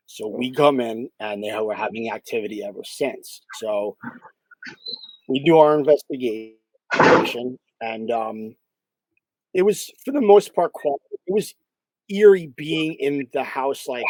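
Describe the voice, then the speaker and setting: A man's voice: medium pitch, dry recording, poor audio. A man, a paranormal investigator, telling a case story in a casual interview with many fillers and acted-out quotes.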